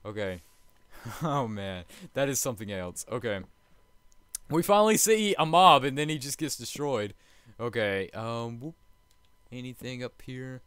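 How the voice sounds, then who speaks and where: A man hosting a let's play, chatty and jokey, swinging from hushed murmurs to loud excited outbursts. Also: medium pitch, moderate pace, clean tone, no room sound. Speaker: gaming channel host.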